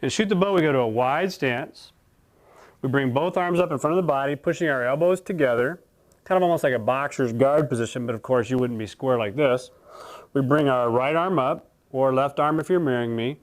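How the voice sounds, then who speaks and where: A man teaching a qigong exercise set, giving calm, slow cues for breathing and movement. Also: mid-range voice. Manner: calm, slow guiding cues with long pauses. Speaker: qigong instructor. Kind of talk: guided exercise instruction.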